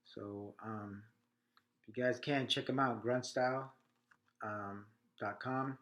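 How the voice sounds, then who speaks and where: A man who is short of breath, talking casually to camera indoors as a veteran video blogger, halting often with fillers. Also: mid-range voice, steady tone, fairly bright tone.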